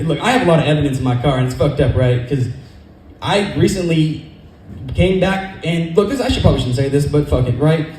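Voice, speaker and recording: A stand-up comedian man racing through his set in a slightly high, mellow voice. He rambles from story to story with plenty of swearing. His voice bounces around a roomy club. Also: a little hiss or hum. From California. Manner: rapid, profane, rambling storytelling. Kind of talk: stand-up set at an open mic. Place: comedy club open mic night.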